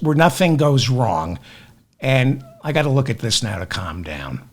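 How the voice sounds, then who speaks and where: A man's voice: mid-range voice, sing-song, a little slow. A man hosting a comedic news podcast, ranting with sarcastic, self-deprecating asides. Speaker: podcast host.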